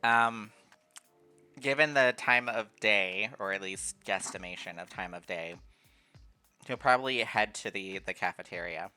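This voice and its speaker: A man's voice: on the low side, measured pace, bright, forceful tone, faint music behind. A man playing a tabletop game, making dry joking asides. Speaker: player.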